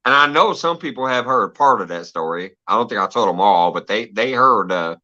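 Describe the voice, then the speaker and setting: A man's voice: lowish voice, expressive, fairly quick, pushed and bright. A man hosting a casual live stream, telling stories with lots of laughter and swearing. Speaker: host. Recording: dull lo-fi stream audio.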